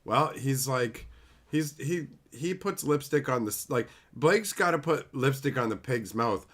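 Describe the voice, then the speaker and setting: A male livestream host rants casually, swearing freely and mocking what he talks about. His voice has a bright, forward edge that sits in a middle pitch. He keeps the tone loose and animated. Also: measured pace. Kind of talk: casual ranting chat.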